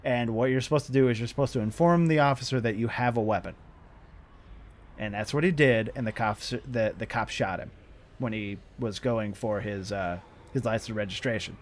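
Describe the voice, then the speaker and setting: A man's voice: on the low side, brisk, slight background noise. Rambling, frustrated American man. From United States. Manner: rambling, frustrated, profane, with many restarts. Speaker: gaming channel host. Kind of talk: off-the-cuff commentary over gameplay.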